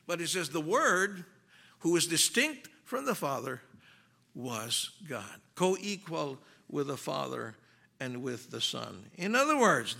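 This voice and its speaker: A man from the Philippines preaching a sermon, stressing key words and swinging between loud declarations and hushed, drawn-out phrases. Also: high voice, gravelly.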